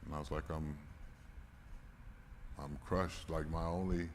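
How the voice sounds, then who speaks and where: A man's voice: very deep voice, fairly even intonation, a little slow. A man giving a candid, emotional storytelling talk at a conference, swearing and laughing now and then. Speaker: conference speaker. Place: large conference hall. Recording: reverberant hall with faint noise.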